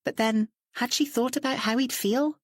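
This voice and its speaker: A woman narrating an audiobook in a measured, even storytelling manner. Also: on the high side, no echo, clean studio sound.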